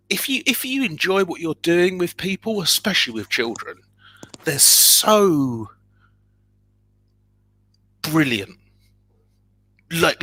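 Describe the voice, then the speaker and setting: A man tells stories with a lot of rise and fall in his voice, jumping into little acted scenes and sudden loud exclamations. His tone is bright and forceful. The sound is dry and close, with no room echo. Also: a little high. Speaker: guest. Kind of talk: animated personal storytelling.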